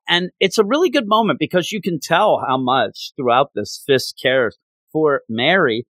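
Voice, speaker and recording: A man with a slightly higher voice walks through a comic issue in a loose, rambling way, full of "you know" and "like." The sound is close and dry, with no room around it. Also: expressive, normal speed, fairly bright tone, no room sound. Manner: rambling, chatty retelling with fillers. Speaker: comic book reviewer. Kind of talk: casual spoken review.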